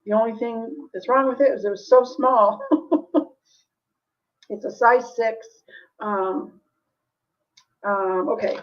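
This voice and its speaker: A woman's voice: fairly high pitch, slow pace, long pauses, distant mic, muffled recording. A woman hosting a live jewelry sale, chatting casually with viewers, full of ums and little laughs, from the United States. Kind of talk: casual live-stream selling chat.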